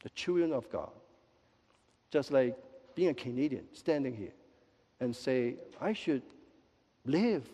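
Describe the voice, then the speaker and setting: A male pastor delivering a lively sermon with joking asides and quick apologies, in a church sanctuary. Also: mid-range voice. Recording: long echo of a large hall.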